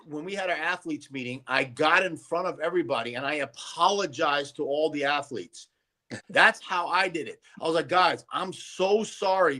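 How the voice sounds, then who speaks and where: Middle-aged male podcast host, animated raconteur, slightly high voice. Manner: animated storytelling, heavy swearing. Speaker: podcast co-host, former bodybuilder. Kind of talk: casual chat.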